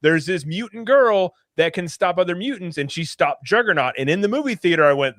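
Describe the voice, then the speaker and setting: A livestream host speaks quickly, with a bright and forceful voice. His voice is recorded close and dry, and he tells stories with animated energy. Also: fairly high pitch, no echo. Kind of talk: casual livestream chat.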